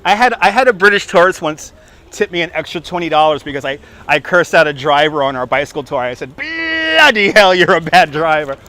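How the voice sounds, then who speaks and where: A man's voice: fairly high pitch, quick pace, fairly bright tone. A chatty man in his forties live-streaming a walking tour outdoors on a handheld phone, often laughing at his own jokes. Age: 40s. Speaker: livestreaming walking tour guide. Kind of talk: casual live-stream chat to viewers. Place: outdoors on city streets and a park. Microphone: phone on a handheld gimbal.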